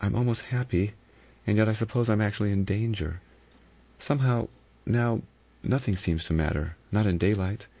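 A man's voice: moderate pace, warm tone. A man voicing a frightened but obstinate young Englishwoman in a raised, strained voice. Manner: high, strained feminine voice put on. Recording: dull lo-fi recording.

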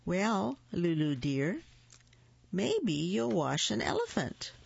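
A woman's voice: lowish voice, very animated, takes it slowly, vocal fry, slightly rough, dry recording, exaggerated voice. A woman doing a patient storybook mother. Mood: gentle. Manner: gentle, encouraging. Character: patient young mother, gently suggesting. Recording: dull lo-fi recording.

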